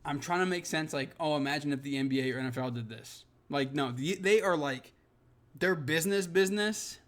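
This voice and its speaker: A man's voice: fairly high pitch, brisk. A young man ranting heatedly to camera, exasperated and emphatic, swearing constantly. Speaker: MMA commentary vlogger.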